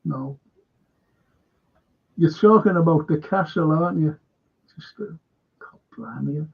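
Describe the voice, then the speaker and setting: A man with a Liverpool accent hosts a live history stream, chatting in a loose, jokey way and getting a little flustered when the connection drops. His voice is gravelly and sits a touch high, heard through a slightly muffled home setup. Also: slow. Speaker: host of a live history show. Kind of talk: casual live-stream chat.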